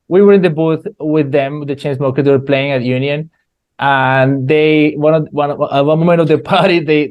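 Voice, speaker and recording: A man's voice: a little high, darkish tone. Laughing, rambling male podcast co-host. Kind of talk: casual chat.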